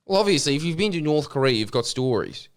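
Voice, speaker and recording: A man's voice: on the high side, big pitch swings, fast talker, clear, resonant tone. A man co-hosting a podcast, chatting casually with a joking, rambling manner. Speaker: podcast host.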